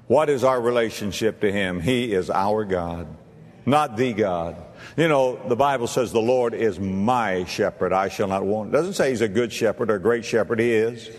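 A man preaching a sermon to a congregation, swinging between low, quiet asides and high, ringing exclamations. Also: normal speed, big-room sound. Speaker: pastor. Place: church sanctuary.

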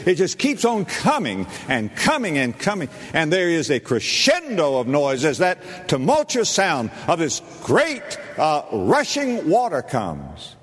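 A man preaching a sermon to a congregation, swinging between low, quiet asides and high, ringing exclamations. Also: slightly rough, in a large hall. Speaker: pastor. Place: church sanctuary.

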